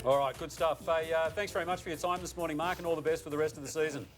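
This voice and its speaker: Upbeat Australian TV sports host. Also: male voice, on the high side, steady tone, soft background music. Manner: brisk, upbeat, teasing. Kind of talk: TV sports show hosting.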